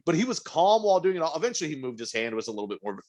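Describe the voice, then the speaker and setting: Talking very fast in a fairly high voice, a podcast co-host tells a story during casual chat. He swears a lot and acts out quotes along the way.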